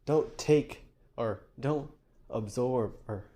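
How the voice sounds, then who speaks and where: A man rants sarcastically at a clip he is reacting to, mocking the people in it. His voice sits at an ordinary middle pitch, and his delivery is scornful and theatrical. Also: slow pace, dark tone. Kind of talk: sarcastic rant commentary.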